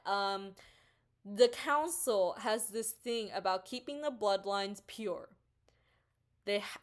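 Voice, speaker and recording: Rambling young woman reviewing a book. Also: medium pitch. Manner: rambling, many fillers and restarts.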